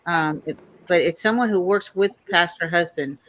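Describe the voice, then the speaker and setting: A woman hosts a casual online talk show, her voice bright and forward. She talks in a chatty way, spinning long stories and acting out the people in them. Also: fairly low pitch, normal speed, low-quality recording. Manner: chatty, storytelling, quotes others in lively voices.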